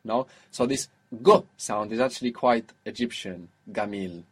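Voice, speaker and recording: A man's voice: medium pitch, moderate pace, breathy edge. A man teaching a spoken Arabic lesson, explaining patiently and prompting his student with questions.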